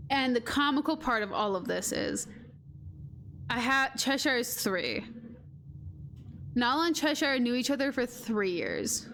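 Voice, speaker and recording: A woman's voice: a little high, big pitch swings, a little slow, long pauses, a bit bright, slight background noise. Chatty woman streamer telling a story. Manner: rambling, chatty, quotes her sister. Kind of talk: casual storytelling while gaming.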